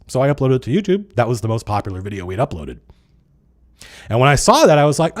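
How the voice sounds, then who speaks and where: Fast, lively man chatting on a livestream. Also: mid-range voice. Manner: animated, swearing, acts out quoted players. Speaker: streamer and game designer hosting a live chat. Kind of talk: casual livestream chat.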